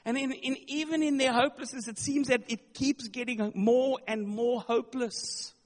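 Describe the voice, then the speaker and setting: High-voiced man preaching in a reverberant hall. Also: steady tone, normal speed. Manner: emphatic, dramatic retelling with repeated words. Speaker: pastor. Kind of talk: sermon.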